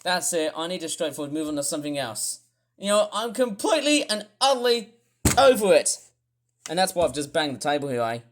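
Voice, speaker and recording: Grumpy vlogger ranting away, rambly, keeps restarting, yells now and then. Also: mid-range voice, very animated, fairly quick. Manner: grumpy, ranting, bursts into shouting; rambling, repeats and restarts often. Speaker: toy review vlogger. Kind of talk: ranting commentary vlog.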